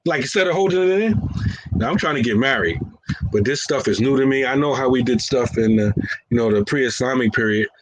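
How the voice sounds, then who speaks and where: A man's voice: medium pitch, expressive, brisk, a little hiss or hum, low-quality recording. Playful man talking through street scenarios. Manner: playful, laughs at his own lines. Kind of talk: casual talk acting out scenarios.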